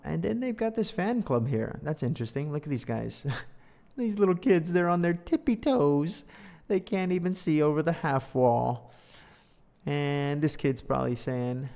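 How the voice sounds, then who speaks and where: A man's voice: a little high, animated, measured pace, gravelly, dark tone. A man giving a playful, chatty English lesson, reading through a storybook and joking about its pictures. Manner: playful, chatty, laughs often. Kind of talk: casual storybook lesson with commentary. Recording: reverberant room.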